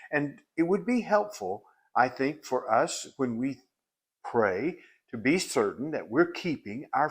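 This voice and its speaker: A man teaching a Bible lesson in an earnest, explanatory way. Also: mid-range voice. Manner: earnest and explanatory, with frequent restarts and fillers.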